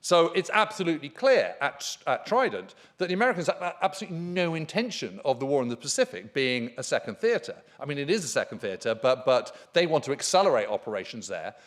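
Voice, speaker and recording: A man's voice: on the high side, very animated, quick pace, hardly any pauses. A man giving a history lecture at a conference, speaking emphatically and enthusiastically with frequent fillers. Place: conference hall.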